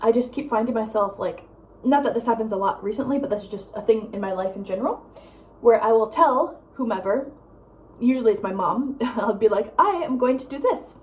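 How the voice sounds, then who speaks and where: A young woman vlogging at home in a casual, rambling chat, full of "like" and "um" and quick laughs. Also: a little high. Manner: rambling, lots of "like" and "um", laughs often; breezy, drifts between loud and soft. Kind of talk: casual chatty vlog monologue.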